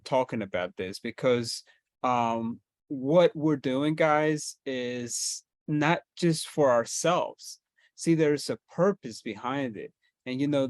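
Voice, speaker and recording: A man hosts a group video call in an upbeat, encouraging manner, often filling pauses with "um" and "you know." His voice has a middle pitch and sounds dry, with no room echo. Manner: enthusiastic and encouraging, with frequent fillers.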